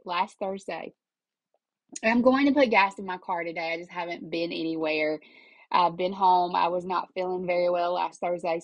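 A woman's voice: medium pitch, no room sound, poor audio. A middle-aged woman, talking casually and emotionally as a podcast host, rambling from one thought to the next. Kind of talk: casual personal talk.

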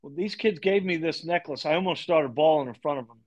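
A man's voice: on the high side, fairly quick, poor audio. A middle-aged man from Long Island, a lacrosse coach telling stories as a podcast guest and acting out the dialogue in them. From Long Island, New York. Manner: animated storyteller, acts out quoted dialogue. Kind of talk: storytelling in a podcast interview.

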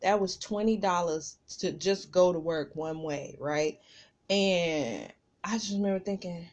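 A woman's voice: lowish voice, a little slow, a little mellow, muffled recording. A woman hosting a podcast, telling a personal story in a chatty, casual way and talking straight to her listeners. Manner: chatty, addresses listeners as "y'all". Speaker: podcast host.

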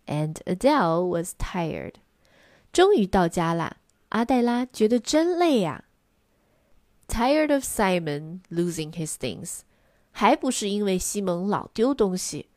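A woman reads a children's storybook aloud in a gentle, expressive way, slow and unhurried. Her pitch rises and falls in a lively way, and the recording is dry and close. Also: dry recording. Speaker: storyteller for children's English lessons. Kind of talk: bilingual storybook reading.

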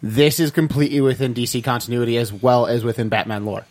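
A man of middle pitch on a podcast, laying out his argument firmly and swearing now and then. The recording is dry and close. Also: fast, darkish tone, no echo. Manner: argumentative, explains points, swears. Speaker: podcast co-host. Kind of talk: casual podcast chat.

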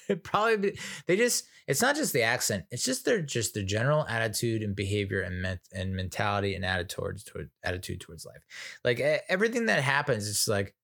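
A man's voice: lowish voice, very animated, fairly quick, creaky, a bit bright. An American man hosting a casual solo podcast, telling stories in a chatty, self-mocking way. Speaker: podcast host.

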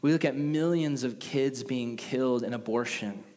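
A man preaching a sermon in a casual, conversational and animated way. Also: medium pitch, moderate pace. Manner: conversational, animated, with acted quotes. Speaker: pastor. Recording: long reverb of a large hall.

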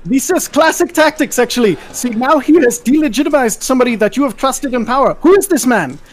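Tabletop player, man, very high voice, impassioned and rhetorical, in character. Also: expressive, fairly quick. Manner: impassioned, reasoning, rhetorical questions. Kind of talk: in-character speech in a tabletop game.

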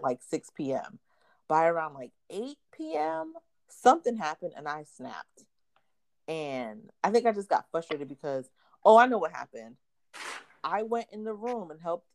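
Animated woman telling a story. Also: lowish voice. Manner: animated storyteller, acts out quotes, laughs often. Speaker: podcast co-host. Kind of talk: casual chat.

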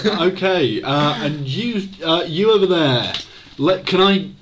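A man's voice: fairly high pitch, expressive, takes it slowly, fairly bright tone, slight background noise. A man voicing a grumpy male prison-ship guard, dry and irritable as he questions prisoners. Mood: questioning.

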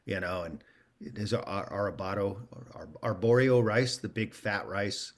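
A man chatting casually as a guest, relaxed and agreeable. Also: on the low side, unhurried. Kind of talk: casual chat.

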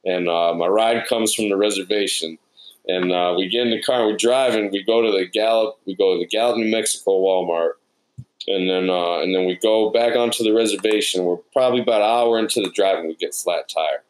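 Deep-voiced man telling a story. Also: fairly quick, low-quality recording. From New York. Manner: animated storyteller acting out quoted dialogue. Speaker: guest, production sound mixer. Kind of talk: interview storytelling.

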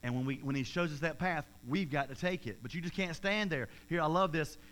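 A man, preaching a sermon in an energetic, emphatic way, with repeated phrases and restarts. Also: fairly high pitch, brisk, slight background noise.

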